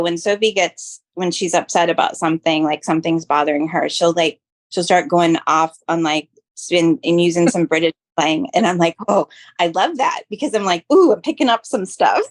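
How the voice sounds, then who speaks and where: A woman's voice: lowish voice, steady tone, normal speed. An American woman from Florida co-hosting a podcast, chatting animatedly and laughing often. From Florida, United States. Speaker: podcast co-host. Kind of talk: casual chat.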